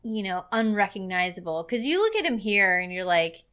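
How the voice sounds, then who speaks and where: A woman's voice: medium pitch, expressive, normal speed, a bit bright, clean tone. A woman co-hosting a movie review in a casual, chatty way, often breaking into laughter. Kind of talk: casual chat.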